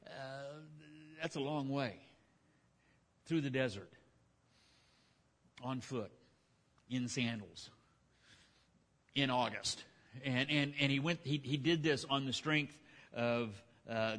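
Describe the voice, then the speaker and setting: A man's voice: mid-range voice, takes it slowly, pauses often, fairly bright tone. A male pastor preaching in a loose, conversational manner. He retells scripture in plain everyday speech, with the ease of someone talking to his own congregation. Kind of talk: sermon.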